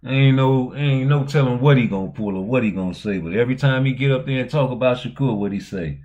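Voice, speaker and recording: A man hosting a boxing talk show, chatting casually in animated, slangy, profane language. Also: medium pitch, brisk. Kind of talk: casual chat.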